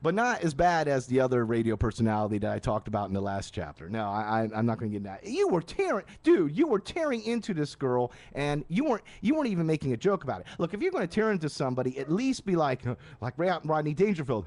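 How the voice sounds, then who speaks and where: Animated man ranting on live radio. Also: fairly high pitch, quick pace, few pauses. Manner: animated, casual, frequent restarts and asides. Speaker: pirate radio host. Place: live stream studio at night.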